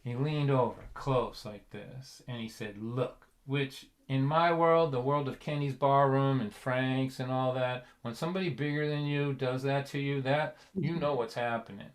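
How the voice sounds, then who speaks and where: A man's voice: medium pitch, normal speed, few pauses. A man telling a comic story to a livestream audience, rambling along, chuckling and checking in with his listeners. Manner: rambling, chuckling, asks "you know what I mean". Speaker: folk singer and storyteller.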